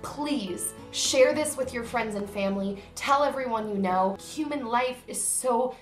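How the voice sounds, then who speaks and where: A woman's voice: a little high, a little slow, echoey room, soft background music. A woman vlogger talking straight to her viewers, earnest and emphatic, about a cause close to her heart. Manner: earnest, emphatic, grows emotional. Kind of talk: heartfelt direct-to-camera vlog.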